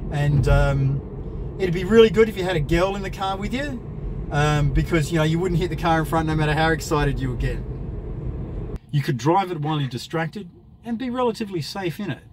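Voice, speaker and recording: A man's voice: a little high, moderate pace. Joking middle-aged man driving, road noise. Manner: wry, crude, joking asides. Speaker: car reviewer driving. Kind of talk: casual talk while driving. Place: inside a moving car.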